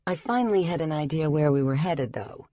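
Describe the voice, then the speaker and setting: A woman reading a first-person audiobook in a steady, even storytelling delivery. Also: sits low, brisk, no room sound. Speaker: audiobook narrator. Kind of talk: scripted first-person narration. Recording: dry, slightly dull recording.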